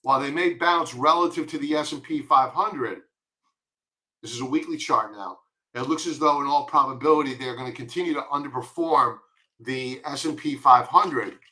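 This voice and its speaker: A man's voice: medium pitch, normal speed, pushed and bright. A man with a Long Island accent giving blunt, emphatic stock chart commentary, repeating his warnings. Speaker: market commentator.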